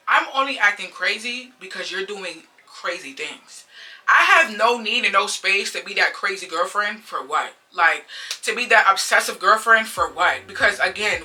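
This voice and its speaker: Woman, storytime vlogger, very bright tone, blunt and animated, distant mic, faint music. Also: mid-range voice. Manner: animated, blunt, swears freely, acts out quotes. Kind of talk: casual storytime.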